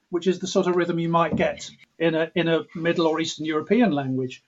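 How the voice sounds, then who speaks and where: A middle-aged man with an English accent talks through his ideas slowly and thoughtfully, his voice husky and a touch higher than most men's. The recording sounds dull and lo-fi. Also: fairly even intonation. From England. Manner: reflective, restarts sentences, mimics accents playfully. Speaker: composer interviewed as guest. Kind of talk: thoughtful interview talk. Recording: dull lo-fi audio.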